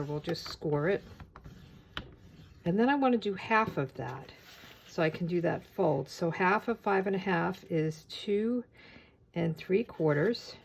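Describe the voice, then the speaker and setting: A woman giving a casual, chatty step-by-step craft tutorial, talking as she works with her hands and often pausing on filler words. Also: on the low side, vocal fry, slight background noise. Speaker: papercraft demonstrator.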